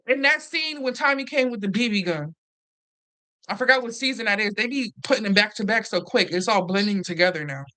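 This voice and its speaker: A woman hosting a casual, animated recap chat, swearing freely and acting out what others said. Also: mid-range voice, fairly quick. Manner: animated, profane, acts out quotes. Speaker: host.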